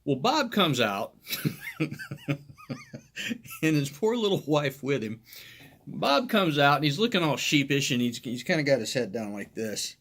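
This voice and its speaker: A man's voice: on the high side, big pitch swings, a little slow, long pauses, fairly bright tone. A middle-aged man, a former police officer, telling a crude, funny anecdote in a casual way and often laughing as he goes.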